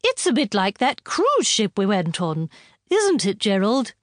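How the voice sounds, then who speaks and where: A woman's voice: medium pitch, huge pitch swings, measured pace, no room sound. Brief: woman playing a chatty passenger woman, dry recording.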